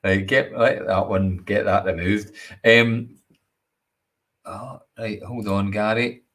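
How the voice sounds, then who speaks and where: Scottish man, chat show host, jokey, casual, slightly low voice. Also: steady tone, slow, a bit bright. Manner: jokey, chatty, laughs often.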